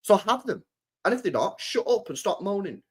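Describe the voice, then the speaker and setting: A man's voice: high-pitched, sing-song, normal speed, breathy edge. A man hosting a live stream, ranting about football in a repetitive, slangy, sweary way. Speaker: streamer host.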